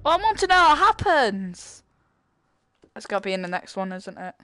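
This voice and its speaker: A man's voice: high voice, sing-song, moderate pace, soft background music. A young man giving jokey, profane commentary while playing a VR game. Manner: jokey, profane, trash-talking. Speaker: gaming video creator. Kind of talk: casual VR gameplay commentary. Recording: noisy game audio behind voice. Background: loud game boat and water sounds.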